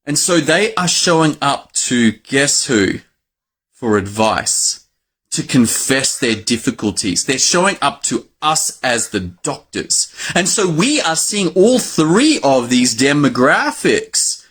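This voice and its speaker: A man in his forties with an Australian accent, a doctor giving an animated educational talk to fellow doctors. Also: medium pitch, slow pace, husky. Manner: animated, acts out his own exclamations.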